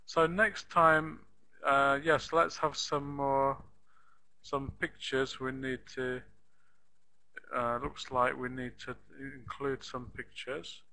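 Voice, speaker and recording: Man, English teacher, slow and patient, bright tone, repeats example phrases for learners. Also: mid-range voice, flat delivery, gravelly, slight background noise, rough recording. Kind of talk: live online class teaching.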